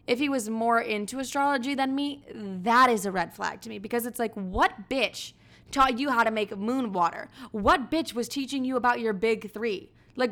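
A woman's voice: on the high side, fairly bright tone. A young woman in casual chat, frank, sassy and profane, often calling the listener babe.

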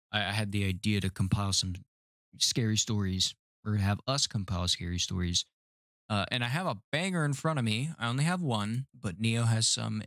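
Young male podcast host with a lowish voice, playful and self-mocking, trips over his words. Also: a bit bright, no echo, studio quality. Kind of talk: casual podcast chat.

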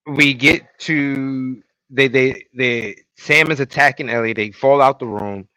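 A man with a bright, forceful voice talks at an unhurried pace. He retells scenes in loose podcast chat and now and then bursts out, loud and worked up. The sound is dry and close. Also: mid-range voice, no echo, rough recording. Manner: animated, swings into loud exasperated outbursts. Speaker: podcast co-host. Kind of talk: casual recap chat.

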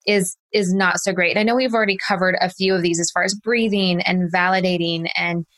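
A woman's voice: fairly low pitch, steady tone, brisk, a bit bright. A woman hosting an interview, chatting loosely and asking long, rambling questions with fillers. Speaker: interview host. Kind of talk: conversational interview.

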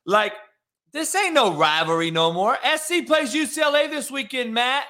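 Male host, high bright voice, loud and excitable, casual profane sports chat over a call. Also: normal speed. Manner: loud, excitable, swears freely. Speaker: podcast host.

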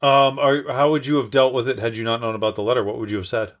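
Man, podcast host, casual chat, affirming, jokey, mid pitch. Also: flat delivery, fast talker.

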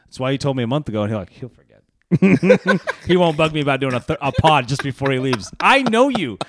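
A man's voice: a little high, very animated, brisk, fairly bright tone. A man, co-hosting a casual podcast, joking and teasing with frequent laughs. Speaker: podcast co-host. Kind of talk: casual chat.

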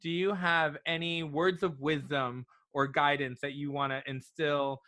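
Chatty male podcast host with a higher, bright voice and a dry close sound; casual, full of restarts. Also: little pitch movement, a little slow, no room sound. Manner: chatty, stammering restarts, laughs often. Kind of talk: casual interview chat.

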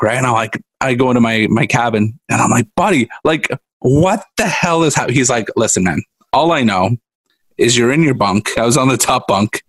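A middle-aged podcast co-host with a mid-range voice tells a story in a relaxed, chatty way, laughing often. There is no room sound on the recording.

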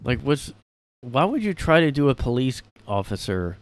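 A man's voice: mid-range voice, big pitch swings, moderate pace. A man hosting a casual solo podcast from his room, rambling and sarcastic, with lots of fillers and the odd swear. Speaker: podcast host.

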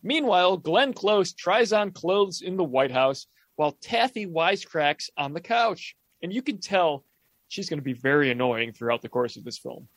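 A man's voice: a little high, expressive, normal speed, dry recording. A man co-hosting a podcast, recapping a movie plot with wry, joking commentary. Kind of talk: casual comedic movie commentary.

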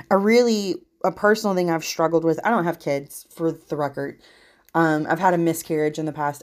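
Low-voiced woman, candid and emphatic. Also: a little mellow. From Kentucky. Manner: candid and emphatic, uses many "like" fillers, swears freely. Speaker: therapist and podcast host. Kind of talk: casual podcast monologue.

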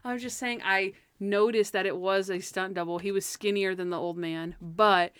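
A woman chatting casually as a podcast co-host, retelling scenes with lively put-on voices. Her pitch sits in the middle range, and the recording is dry and close with no room sound. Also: normal speed, clean tone, dry recording. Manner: animated, acts out scenes in put-on character voices. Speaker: podcast co-host reviewing episodes. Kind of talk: casual chat.

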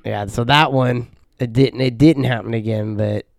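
A man in his thirties, a podcast co-host telling a story in casual chat, animated and mimicking other people. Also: mid-range voice, normal speed, gravelly, no echo, clean studio sound.

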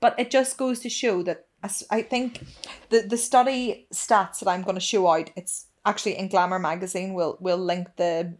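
A woman's voice: medium pitch, fairly even intonation, moderate pace. A woman co-hosting a podcast, candid and chatty, swearing freely. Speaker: podcast co-host. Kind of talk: frank casual podcast chat.

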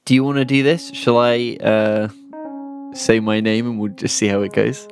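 A man's voice: on the low side, steady tone, normal speed, creaky, soft background music. A man hosting a casual podcast, easygoing and dryly joking, with frequent hesitant fillers. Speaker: podcast host. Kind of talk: casual chat.

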